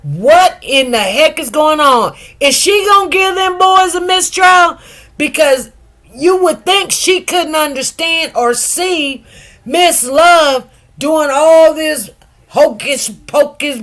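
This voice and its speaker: Animated, gossipy woman commentator. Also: sits high. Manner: animated, gossipy, laughs often, acts out quotes. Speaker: news commentary host. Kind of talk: casual commentary.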